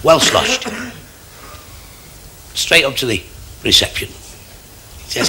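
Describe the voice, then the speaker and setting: A male stand-up comedian telling quick jokes in a brisk, matter-of-fact way, chuckling at his own punchlines. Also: medium pitch, huge pitch swings, pushed and bright, slight background noise.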